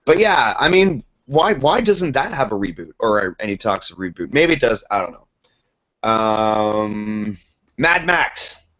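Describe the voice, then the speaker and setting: Rambling, excitable man leaving a voicemail. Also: fairly low pitch, slow pace. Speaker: voicemail caller. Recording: dull lo-fi voicemail audio.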